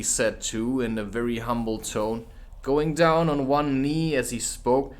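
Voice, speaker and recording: A man with a mid-range voice narrates a children's classic as an audiobook. His reading is unhurried and expressive, sprinkled with casual asides.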